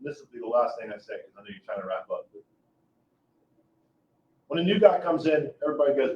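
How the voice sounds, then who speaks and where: A man's voice: medium pitch, very animated, a little fast, long pauses, distant mic. A man co-hosting a podcast in casual chat, blunt and prone to repeating himself. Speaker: podcast co-host, fire chief officer. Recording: echoey room, set back from the mic, dull and slightly noisy.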